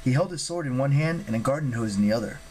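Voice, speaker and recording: A man narrating an audiobook in a plain, steady storytelling manner. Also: medium pitch, quick pace, slight background noise, low-quality recording.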